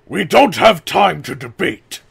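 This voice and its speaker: A man voicing a steady, practical male earth warrior who speaks urgently and earnestly. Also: high voice, measured pace, creaky, breathy edge, voice pushed up, exaggerated voice. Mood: urging. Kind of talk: audiobook character voice.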